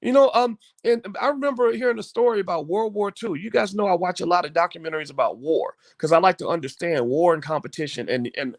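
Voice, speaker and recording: A man's voice: fairly high pitch, no echo. A man hosting his own online show, giving opinionated commentary to viewers in an emphatic, preachy way, often repeating words and restarting.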